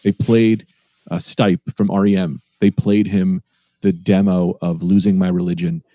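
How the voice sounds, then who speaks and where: A man's voice: sits low, little pitch movement, unhurried, dark tone, no echo. A man, a stand-up comedian, talking casually on a podcast and playing with sing-song inflections.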